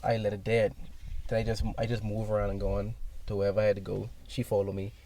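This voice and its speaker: Gravelly young man telling a rambling story. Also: fairly low pitch, fast talker. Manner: rambling, animated, mimics others' voices in quotes. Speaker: podcast guest. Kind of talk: casual storytelling. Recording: distant mic with faint noise.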